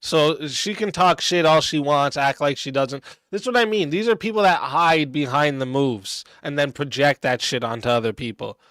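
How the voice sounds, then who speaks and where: A man's voice: fairly high pitch, moderate pace, hardly any pauses, fairly bright tone, no echo. A man streaming live, reacting to chat in a crude, combative, mocking way. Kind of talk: livestream commentary.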